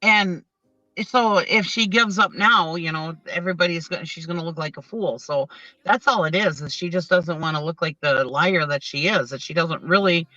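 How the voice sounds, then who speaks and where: A man's voice: fairly high pitch, moderate pace, pushed and bright, no room sound, muffled recording. A man co-hosting a casual commentary chat, mocking and gossipy in tone.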